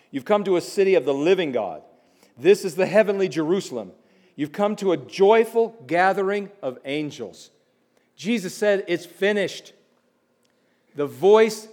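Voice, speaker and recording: A man preaching a sermon in a conversational way, slipping in quick asides and building to emphatic warnings. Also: a little high, a little mellow. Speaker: pastor.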